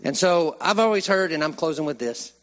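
A man preaching a sermon, swinging from raised emphasis to hushed, slow lines. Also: on the high side. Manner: animated, with sudden rises and hushed drops.

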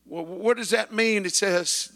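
High, gravelly preaching man. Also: unhurried, in a large hall, crowd noise, noisy background. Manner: preaching with rising shouts and scripture quotes. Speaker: pastor. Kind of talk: sermon. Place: church sanctuary.

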